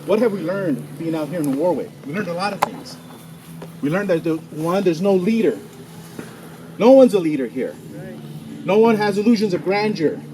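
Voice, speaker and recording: Male rally speaker, high and preacherly, noisy outdoor street. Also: lively intonation, moderate pace, pauses often. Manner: preacherly, rising to loud exhortation. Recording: noisy outdoor ambience, passing vehicles.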